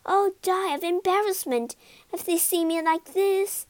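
A woman voicing a vain, fussy female ghost in a shrill, dramatic way. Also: a little slow, no room sound. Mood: flustered.

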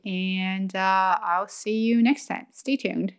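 A woman's voice: mid-range voice, steady tone, takes it slowly, clean tone. Chatty woman imitating animal sounds. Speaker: vlogger. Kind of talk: casual chat about language and culture.

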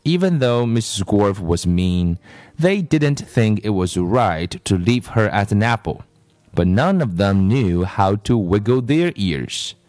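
Man reading a kids story real slow, lowish voice, dry close sound. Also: animated, a little mellow, no echo. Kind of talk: reading a children's story aloud.

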